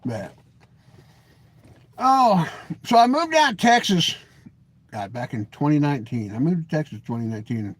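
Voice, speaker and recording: A folksy man from Washington state chats loosely on a live stream and calls himself a grumpy bastard. His voice sits slightly high and swings widely in pitch. He jokes his way through stories. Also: moderate pace, long pauses, slightly rough, dry recording. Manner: folksy, self-described grumpy, joking; lively pitch swings, mimics voices in anecdotes. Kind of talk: casual rambling live stream chat.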